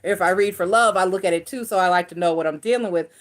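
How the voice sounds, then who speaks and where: A woman's voice: lowish voice, fast. A woman, a tarot and astrology reader, explaining things in casual chat to her viewers, rambling with restarts and self-corrections. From North Carolina.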